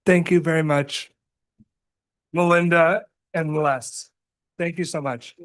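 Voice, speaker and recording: A man's voice: a little high, fairly even intonation, slow, a bit bright. A man chairing a public budget committee meeting, hesitant and apologetic with many fillers.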